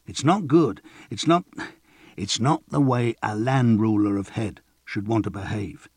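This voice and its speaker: A man voicing a gruff older male retainer who scolds and grumbles, in a storybook reading. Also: lowish voice, measured pace, no room sound. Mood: scolding.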